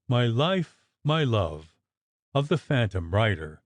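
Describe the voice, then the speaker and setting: A man narrating a gothic audiobook in a measured, expressive storytelling manner. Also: medium pitch, no echo.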